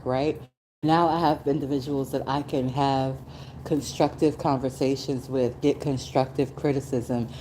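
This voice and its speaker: A middle-aged woman hosting a casual solo podcast, talking emphatically and swinging from low asides to high exclamations. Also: dark tone, slight background noise, poor audio. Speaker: podcast host.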